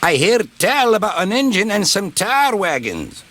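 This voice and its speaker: A man's voice: high-pitched, sing-song, normal speed, a bit bright, a little hiss or hum, pitched above the performer's own voice. A man voicing a hardworking male engine in a storybook reading, wry and determined. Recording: music playing underneath.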